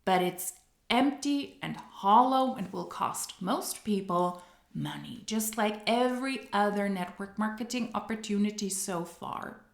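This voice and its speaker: A woman's voice: medium pitch, lively intonation, unhurried, gravelly, echoey room. A woman giving sarcastic reaction commentary, mocking what she plays with dry asides. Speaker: commentary video creator.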